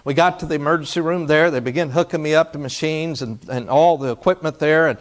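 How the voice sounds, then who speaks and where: A man preaching, telling a personal story with feeling, rising loud and falling hushed. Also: a little high, fast talker. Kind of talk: sermon testimony.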